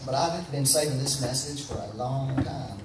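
In a church sanctuary, a preacher from the United States speaks in a folksy, chatty style, prompting his listeners to answer back. He talks at a medium pitch and normal speed. Captured from a distance in a roomy space, the audio carries heavy background noise.

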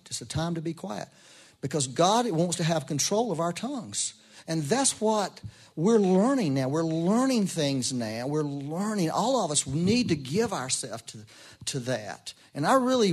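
A man's voice: fairly high pitch, breathy edge. Folksy preacher man. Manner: folksy, storytelling, animated quoting. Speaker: pastor. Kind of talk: sermon.

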